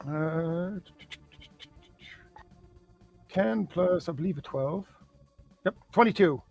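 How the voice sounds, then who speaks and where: A man's voice: on the high side, a little slow, vocal fry, darkish tone, soft background music. A man playing a tabletop game who narrates his own character's actions with some hesitation. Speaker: player. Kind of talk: casual tabletop game play.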